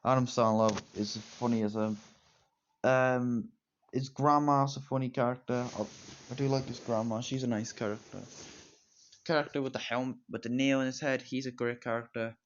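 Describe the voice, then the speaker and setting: A man's voice: mid-range voice, steady tone, moderate pace. A teenage boy, reviewing a movie in rambling, repetitive fan talk. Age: teens. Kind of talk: casual solo movie review. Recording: dull lo-fi home recording.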